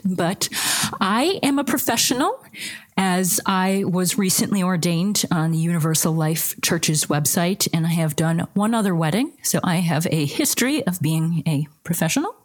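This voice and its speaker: A woman playing a touchy amateur officiant. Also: on the low side. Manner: hesitant with filler words, then combative. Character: touchy amateur wedding officiant, prickly and combative. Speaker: improv performer.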